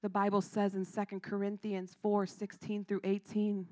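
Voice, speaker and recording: A woman giving a sermon testimony, swinging from a hushed near-whisper to loud, emphatic preaching with lots of repetition. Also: medium pitch, completely flat delivery, moderate pace, hardly any pauses, no echo, clean studio sound. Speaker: church speaker giving testimony.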